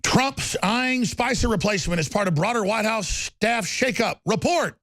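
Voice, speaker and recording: A man hosting a political talk show, ranting rapidly and heatedly with stammering restarts. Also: high-pitched, animated, a bit bright, dry recording.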